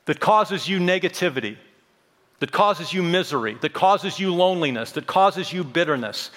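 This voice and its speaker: A man's voice: on the high side, fairly bright tone, in a large hall. A man in his fifties preaching a sermon, emphatic, repeating phrases and throwing in humorous asides. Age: 50s. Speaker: pastor.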